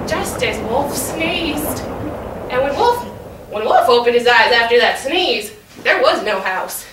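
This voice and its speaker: A woman storyteller telling a tale in character, playful and animated, teasing her audience, recorded from afar in an echoey room. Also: fairly high pitch, normal speed. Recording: echoey room, distant mic, faint noise.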